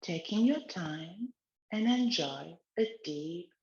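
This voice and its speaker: Slow, gentle woman guiding a relaxation exercise. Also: lowish voice, lively intonation, roomy sound, muffled recording. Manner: slow, gentle guiding of breathing and neck movements. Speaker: wellness instructor. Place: outdoors in the countryside, chickens nearby.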